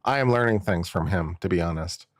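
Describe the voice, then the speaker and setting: A man's voice: sits low, fairly quick, no echo, studio quality. A man, an attorney, giving casual and jokey live-stream commentary, musing aloud and often repeating himself.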